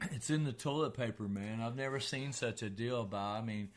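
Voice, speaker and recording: A man's voice: medium pitch, normal speed. A man co-hosting a casual podcast, rambling loosely, swearing freely and laughing often. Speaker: podcast co-host. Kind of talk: casual chat.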